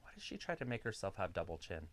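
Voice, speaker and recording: A woman's voice: extremely low pitch, sing-song, fast. A woman around forty co-hosting a casual live stream, cracking mocking jokes and laughing often.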